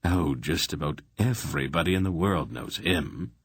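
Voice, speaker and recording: A man's voice: rumbling low, expressive, moderate pace, husky, dry recording, full character voice. A man voicing a sly male spy with a dry, wry way of speaking in an audiobook.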